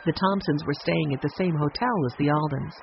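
An audiobook narrator reading a children's story in a scripted, expressive style, switching voices for the characters. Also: medium pitch, brisk, creaky, highs cut off, slight background noise.

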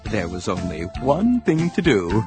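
A man reading a children's audiobook aloud with playful, expressive narration. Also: fairly low pitch, unhurried, over music. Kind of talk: scripted narration.

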